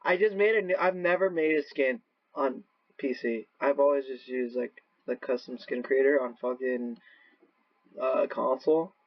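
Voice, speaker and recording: Swearing, yelling gamer on a laptop mic. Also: male voice, mid-range voice, normal speed, no room sound, lo-fi sound. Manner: profane, erratic outbursts and yelling; rambling self-talk. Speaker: gaming channel host. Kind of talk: gaming commentary.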